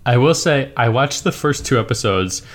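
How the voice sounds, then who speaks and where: A man's voice: medium pitch, lively intonation, moderate pace, faint music behind. A man co-hosting a podcast, chatting earnestly and joking often with easy laughter. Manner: earnest and upbeat, jokey, laughs easily. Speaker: podcast co-host. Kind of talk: casual chat.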